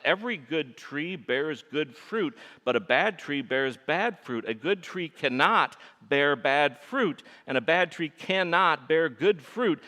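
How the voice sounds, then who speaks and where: A middle-aged man with a nasal Michigan accent preaching a sermon, swinging between forceful emphasis and hushed asides. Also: fairly high pitch. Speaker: pastor. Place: church sanctuary. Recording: echoey church sanctuary.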